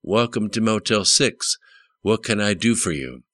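A man voicing a sweet, shy young female motel clerk with a soft Mississippi drawl. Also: lowish voice, expressive, a little slow, dry recording, voice pushed up. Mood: sweet, polite. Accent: Mississippi Southern drawl. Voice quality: soft, gentle. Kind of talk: audiobook character voice.

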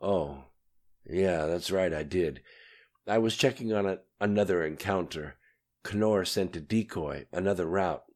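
A man doing a brusque army general in an audiobook. His speech is gruff and clipped. He gives orders fast. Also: sits low, darkish tone.

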